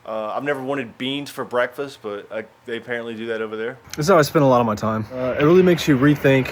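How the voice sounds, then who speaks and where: A man in his forties from Arkansas, a stand-up comedian telling travel stories in a casual vlog, animated and profane. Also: mid-range voice, fast talker, crowd noise. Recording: noisy ambient background.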